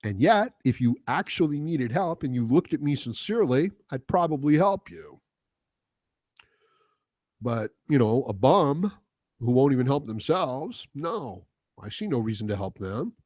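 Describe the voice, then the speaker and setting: A man talking on his own podcast in a loose, rambling way, swearing freely and chuckling between thoughts. His voice sits at an ordinary middle pitch. The sound is close and dry. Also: very animated, measured pace, a little mellow, no echo. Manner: rambling, profane, chuckles often. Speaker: podcast host. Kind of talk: casual solo podcast monologue.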